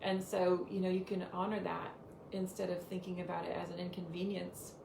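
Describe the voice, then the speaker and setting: Gravelly-voiced woman teaching spirituality. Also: on the low side, level tone, fairly quick, echoey room, background noise. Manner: leads affirmations, many "you know" fillers. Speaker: spiritual teacher hosting the episode.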